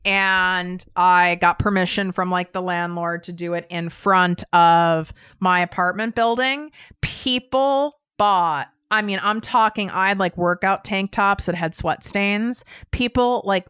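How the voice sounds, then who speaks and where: A woman's voice: lowish voice, measured pace, few pauses, fairly bright tone, clean tone, dry recording, studio quality. A middle-aged woman hosting a business show, talking casually and bluntly to her audience about money, with some swearing. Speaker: host and business coach. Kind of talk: casual direct-to-camera talk.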